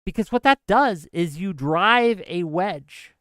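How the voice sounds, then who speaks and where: Smooth-voiced man lecturing his audience. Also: high-pitched, animated, fairly bright tone, dry recording. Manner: earnest, lecturing, speaks straight to the audience; fast bursts with heavy repetition. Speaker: political streamer. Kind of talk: impassioned political commentary monologue.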